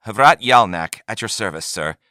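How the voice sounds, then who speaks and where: A man's voice: lowish voice, normal speed, no echo, clean studio sound. A man doing an eager young lookout. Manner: excited and boastful.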